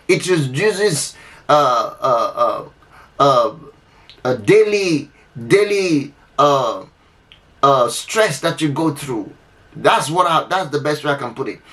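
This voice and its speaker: A man's voice: on the high side, a bit bright. A man hosting a relationship advice talk, speaking emphatically to the listener, often repeating and restarting his phrases. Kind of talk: unscripted advice talk to camera.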